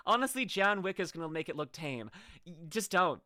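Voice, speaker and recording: Woman streamer, bright tone, dry sound, rambling and stammering as she reacts to clips. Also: lowish voice, big pitch swings, a little fast, no room sound. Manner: rambling, stammering restarts and frequent laughs. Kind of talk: casual reaction chat.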